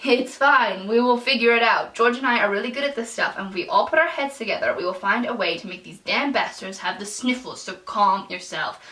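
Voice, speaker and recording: A woman's voice: on the high side, expressive, fairly quick, bright, forceful tone, recorded from a distance. A woman with an American accent voicing a teasing, joking twenty-year-old wizard man as she reads her old story aloud. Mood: soothing. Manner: playful, teasing read-aloud dialogue. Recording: echoey room, voice from off-mic.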